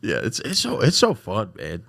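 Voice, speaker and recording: A young man hosting a podcast, chatting casually, excitable and swearing freely. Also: lowish voice, normal speed, vocal fry, husky, dry recording. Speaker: podcast host. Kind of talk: casual chat.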